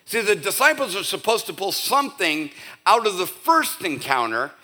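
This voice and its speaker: A male pastor giving a conversational, animated sermon with casual asides to his church. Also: high-pitched, normal speed. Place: church sanctuary.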